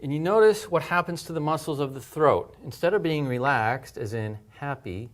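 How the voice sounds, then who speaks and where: A male language teacher with a fairly high pitch is partway through an alphabet lesson, moving at a moderate, even pace. He patiently and clearly explains handwriting and sounds step by step, breathing the sounds aloud as demonstrations.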